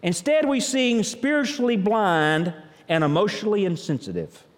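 Guy preaching, high-ish voice, kinda chatty and repeats himself, big echoey church. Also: lively intonation, normal speed. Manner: conversational preaching, thinking aloud with repeated words. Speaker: pastor. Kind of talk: sermon. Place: church sanctuary. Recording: long reverb of a large church.

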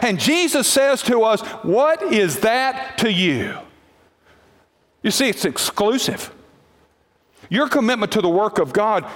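High-voiced preacher in a reverberant hall. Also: male voice. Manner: animated storytelling, acting out Bible characters' lines. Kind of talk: sermon.

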